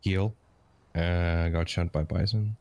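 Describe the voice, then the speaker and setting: Deep gravelly-voiced man. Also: fairly even intonation, mellow. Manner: halting, gossiping storytelling. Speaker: fellow roleplay player. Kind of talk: in-character roleplay chat.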